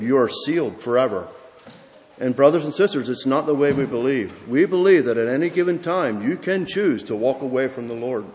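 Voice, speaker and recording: A man giving a sermon as pastor, his mid-pitched voice ringing through a church hall with a long reverb. He tells his story with frequent restarts, then presses his points home with rising emphasis. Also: slight background noise. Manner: storytelling with many restarts, building to emphatic preaching.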